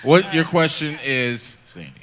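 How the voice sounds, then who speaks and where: A man's voice: on the high side, sing-song, measured pace, a crowd in the background. A man hosting a live game show, teasing guests and laughing often. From Chicago. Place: live event with audience.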